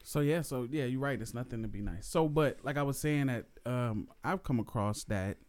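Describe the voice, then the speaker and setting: A man's voice: medium pitch, moderate pace. A man, chatting casually in a laid-back, playful way. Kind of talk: casual couple chat.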